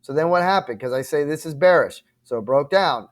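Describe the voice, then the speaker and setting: A man with a slightly high voice walks viewers through market charts in a loose, conversational way. He repeats himself and keeps checking in with "okay?" and "right?", pressing his points with insistence. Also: animated, fairly quick. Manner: emphatic, repetitive, addresses viewers directly with frequent "okay?" and "right?"; apologetic and frustrated at times. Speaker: crypto trading channel host. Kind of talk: casual chart walkthrough.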